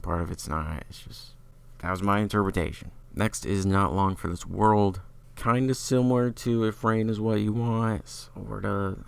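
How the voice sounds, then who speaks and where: A young man with a deep voice and a gravelly fry in it hosts a podcast. He reviews an album in an opinionated, rambling way and leans on "like" as a filler. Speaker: podcast host.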